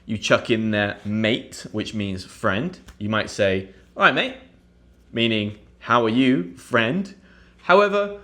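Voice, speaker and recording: A young man from the United Kingdom teaches English online through a scripted lesson, acting out example phrases in a higher voice. His voice comes across a bit bright.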